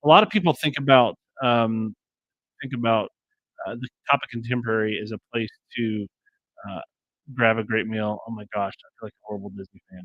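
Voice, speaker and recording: A man's voice: fairly low pitch, fairly even intonation, fairly quick, no echo, highs cut off. Rambling, joking man co-hosting a live stream. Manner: rambling, stumbles and restarts, joking. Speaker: co-host of a travel tips show. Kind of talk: casual live-stream chat.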